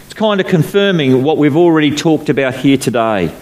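A man preaching a sermon to a congregation, swinging between low solemn passages and raised, emphatic ones, slowing to stress key phrases. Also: animated, darkish tone. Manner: slows down to stress scripture phrases. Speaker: pastor. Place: church hall before a congregation.

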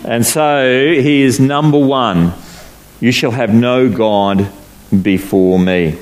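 A man preaching a sermon to a congregation, swinging between low solemn passages and raised, emphatic ones, slowing to stress key phrases. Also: darkish tone. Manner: slows down to stress scripture phrases. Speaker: pastor. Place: church hall before a congregation.

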